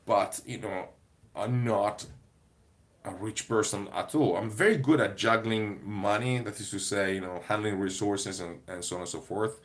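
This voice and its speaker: A man talks to camera in an easygoing vlog, drifting from one story to the next. His voice sits a little low, and he laughs often while he digresses. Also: moderate pace. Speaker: comedy performer. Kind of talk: casual vlog monologue.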